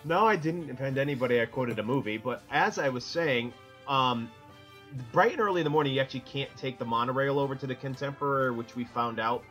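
A middle-aged man from Connecticut chats on a roundtable podcast in a mid-pitched voice. He rambles, cracks jokes, and keeps breaking off his own sentences. Faint music plays underneath. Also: fast talker, a bit bright, low-quality recording. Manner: rambling, jokey, self-interrupting. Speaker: podcast co-host. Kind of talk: casual roundtable chat.

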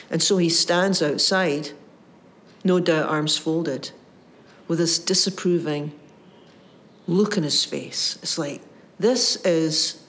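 A woman preaching a sermon, retelling a parable with lively voiced quotes and frequent restarts. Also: fairly low pitch, a little slow. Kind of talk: sermon storytelling.

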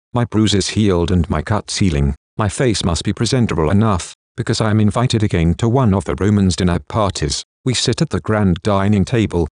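A man reading a first-person novel as an audiobook narrator, in a measured, even way. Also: low voice, no room sound, studio quality.

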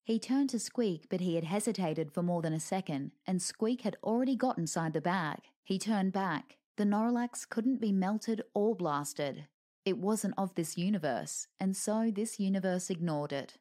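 A woman's voice: mid-range voice, normal speed, dark tone. A woman reading a lighthearted fantasy story aloud with wry narration.

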